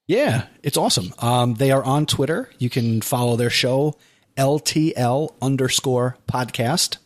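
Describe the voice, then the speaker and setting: Man, podcast host, casual chat, chatty, spells out links slowly, mid pitch. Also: lively intonation. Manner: chatty, slows down to spell out web addresses.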